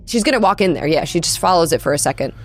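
A woman's voice: on the low side, lively intonation, very fast, soft background music. A woman describing her character's actions in a tabletop role-playing game, rambling with many restarts. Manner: rambling, lots of likes and restarts. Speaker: player.

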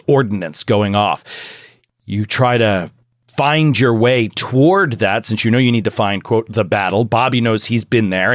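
Low-voiced man narrating a horror game. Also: no echo, clean studio sound. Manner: descriptive, loose, with fillers and chuckles. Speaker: game master.

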